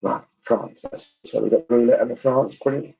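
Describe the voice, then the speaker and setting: A man giving a clairvoyant reading at a church service, chatty and halting, with many ums and asides. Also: mid-range voice, creaky, breathy edge, highs cut off. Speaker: spiritualist medium.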